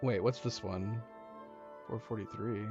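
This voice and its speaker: A man's voice: on the low side, steady tone, a little slow, creaky. Let's-play host: casual, musing man, slightly dull mic, faint game music behind. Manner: chatty, musing, chuckles often. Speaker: gaming channel host.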